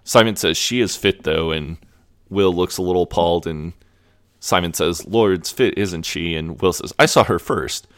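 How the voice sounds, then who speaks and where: A man's voice: sits low, normal speed, a bit bright. A man co-hosting a podcast, retelling a TV episode in a loose, chatty way with plenty of fillers. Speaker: podcast co-host. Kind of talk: casual episode recap.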